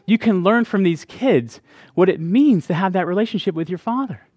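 A middle-aged pastor gives a chatty, conversational sermon to his congregation, laughing through asides and often checking in with "right?" His voice is high-pitched and darkish, with lively intonation, a moderate pace, and no room sound.

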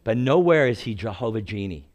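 A man's voice: lowish voice, lively intonation, a little fast, darkish tone. A man in his sixties preaching a sermon in a storytelling way, acting out quotes and laughing at his own stories.

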